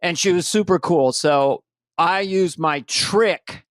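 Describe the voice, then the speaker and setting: A man co-hosting a comedy podcast, telling celebrity anecdotes in a playful, animated way. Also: sits high, slow, dry recording, clean studio sound. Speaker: podcast co-host. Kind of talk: casual comedic storytelling.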